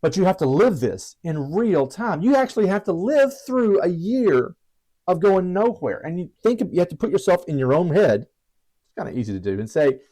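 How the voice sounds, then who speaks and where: A man's voice: high voice, big pitch swings, moderate pace, dark tone, low-quality recording. A man teaching about trading strategies in a casual, chatty way, self-deprecating with frequent restarts and asides. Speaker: trading educator.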